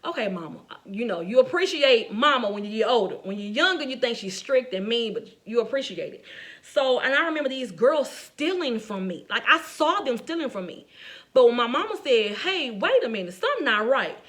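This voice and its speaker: A middle-aged woman giving a faith-based talk, telling personal stories in a conversational, animated way, often laughing and speaking straight to her listeners. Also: on the high side, brisk.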